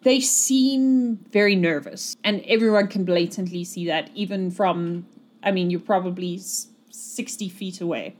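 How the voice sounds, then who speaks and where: A woman's voice: on the low side, a little slow. Woman game master describing a scene. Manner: descriptive, relaxed, with many fillers. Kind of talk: narrating a tabletop game.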